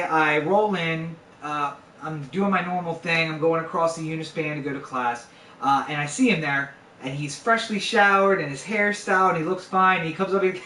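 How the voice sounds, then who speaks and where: A man's voice: a little high, sharp tone, a little hiss or hum. A man in his twenties casually telling a true story, full of fillers and swearing. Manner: conversational, swears freely, lots of fillers. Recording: echoey room, voice a bit far from mic.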